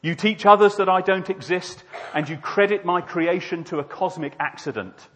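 A man's voice: sits high, normal speed, fairly bright tone, a little hiss or hum, voice pushed up. A man preaching voices God speaking from the sky, stern and rebuking, in a hall with long reverb.

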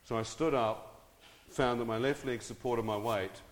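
A man's voice: mid-range voice, a little slow. A middle-aged man dramatically telling his own story to an audience, often turning to them with questions and asides. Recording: long reverb of a large hall.

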